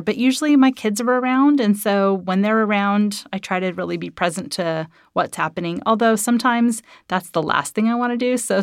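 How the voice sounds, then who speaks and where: A woman's voice: medium pitch, dry recording, clean studio sound. A woman author talking casually and enthusiastically. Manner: enthusiastic, conversational. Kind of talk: casual talk.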